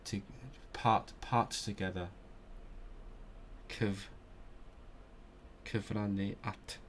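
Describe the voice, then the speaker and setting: Slow, low-voiced man drilling vocabulary. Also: level tone, a little hiss or hum. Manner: repeats words slowly, muttering to himself as he drills vocabulary; self-talk with restarts, low-key. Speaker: language learner streamer. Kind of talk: study stream, thinking aloud.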